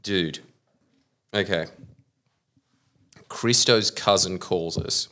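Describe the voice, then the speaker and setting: A young Australian man on a casual podcast, telling a story with lots of swearing and loud acted-out quotes. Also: low-pitched, very slow. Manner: animated storyteller, swears, acts out quotes in loud put-on voices. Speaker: podcast host.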